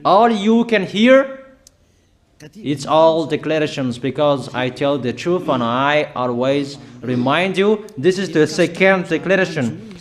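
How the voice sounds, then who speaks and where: Male preacher, prophetic sermon; slow, weighty declarations, a touch high in pitch. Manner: slow, emphatic declaring with pauses and fillers.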